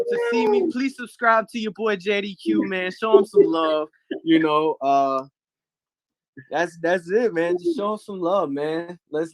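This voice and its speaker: A man speaking as a guest in a casual online interview, animated and emphatic, laughing often. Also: high-pitched, no room sound.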